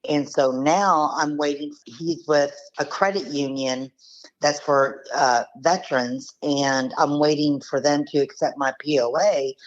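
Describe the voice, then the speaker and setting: A woman's voice: low-pitched, steady tone, a little slow, dull audio. A woman telling the story of her uncle's losses in a blunt, emphatic, casual way. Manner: emphatic, blunt retelling with acted quotes. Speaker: scam victim's niece, guest.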